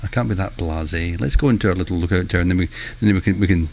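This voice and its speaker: A man giving chatty live commentary while streaming a video game, breaking into excitable exclamations. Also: low voice, very fast, creaky, a little hiss or hum.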